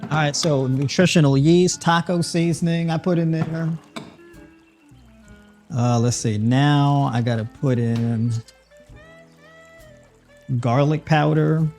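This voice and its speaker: A man's voice: fairly high pitch, takes it slowly, pauses often, darkish tone, faint music behind. A man with a New York accent, a nutritionist host, chatting casually while he cooks and adds lots of "right?" and "you know". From New York City. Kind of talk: casual cooking talk.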